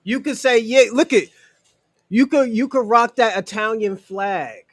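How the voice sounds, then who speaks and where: A man from the United States with a high voice talks on a casual livestream and answers his chat. He is loose and profane, leans on "you know" and chuckles between points. The sound is dry and close. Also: normal speed, no room sound.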